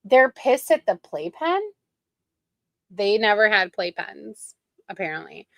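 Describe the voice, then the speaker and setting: A woman's voice: mid-range voice, big pitch swings, slow, gravelly, a bit bright, no room sound. A woman streamer giving snarky, gossipy commentary while reacting to videos.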